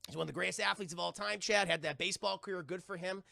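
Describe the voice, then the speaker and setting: Reviewing a film live, this man rambles, curses a lot and keeps turning to talk to his chat in casual commentary. His voice sits high, pushed and bright with vocal fry, and he speaks very fast.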